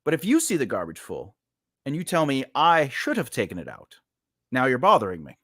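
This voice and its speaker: A man's voice: medium pitch, brisk, dry recording. A man talks casually and tells stories with energy, acting out both voices in everyday quarrels. His voice sits in a middle register. The recording is close and dry, with no room sound. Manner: animated storyteller, acts out both sides of arguments. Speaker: comedian and actor. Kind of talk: casual chat.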